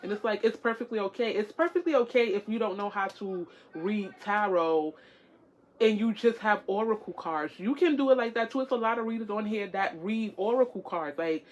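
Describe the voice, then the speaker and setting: A woman's voice: medium pitch, lively intonation, moderate pace, darkish tone. A woman talking casually to the camera as a tarot-reading vlogger, encouraging and repetitive, with many fillers.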